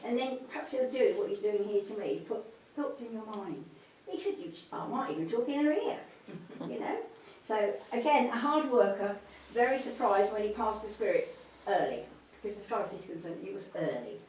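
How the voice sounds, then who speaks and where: A woman's voice: medium pitch, lively intonation, normal speed, hardly any pauses, darkish tone. A woman giving a live mediumship demonstration, speaking tenderly and calling people darling and sweetheart. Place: spiritualist church hall. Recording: echoey hall, distant mic, faint noise.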